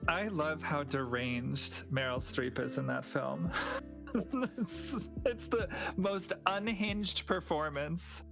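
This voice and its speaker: An older woman, a podcast guest, telling stories in a wry, animated way during casual chat. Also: deep voice, slow pace, vocal fry, over music.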